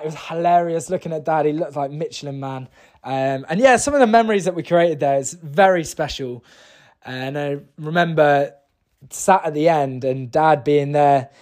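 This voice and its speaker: A man from the UK with a slightly higher-pitched voice tells a personal story, chatty and enthusiastic. He stumbles, restarts and fills gaps with "um" as he goes. He then steers it toward a motivational message about goals. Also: a little mellow. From United Kingdom. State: briefly emotional. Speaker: motivational speaker. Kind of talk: casual storytelling and motivational talk.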